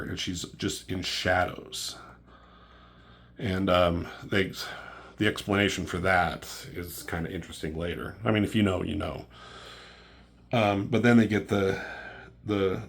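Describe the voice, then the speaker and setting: A man casually reviewing a comic book, rambling and swearing, acting out characters' lines in a raised voice. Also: low-pitched. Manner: profane, rambling, acts out dialogue in raised voice.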